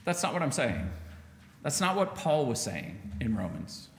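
A man preaching a sermon as pastor, in a conversational, animated style, acting out what people say. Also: mid-range voice, measured pace, a little hiss or hum. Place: church sanctuary. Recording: echoey church hall, faint ambience.

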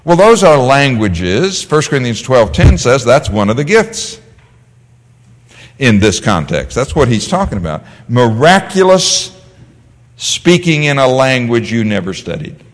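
A man with a medium-pitched voice teaches a Bible class at a measured pace, his lively, sing-song delivery rising and falling. He keeps asking the class questions and answering them himself, and his voice rings through a large hall with a long echo.

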